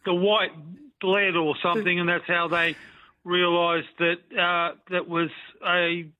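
Polite caller on a tinny phone line. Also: male voice, high voice, level tone. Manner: polite, measured and hesitant. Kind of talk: phone-in chat.

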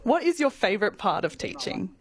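A woman's voice: medium pitch, big pitch swings, a little fast. A woman interviewing her former teacher, friendly and admiring. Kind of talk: interview questions.

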